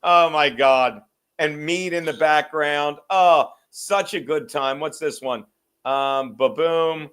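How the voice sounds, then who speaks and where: A man hosting a casual podcast, his voice sitting high for a man. He rambles and curses freely and laughs often, losing his thread as he goes. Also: slow, fairly bright tone, clean tone. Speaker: podcast host. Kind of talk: casual chat.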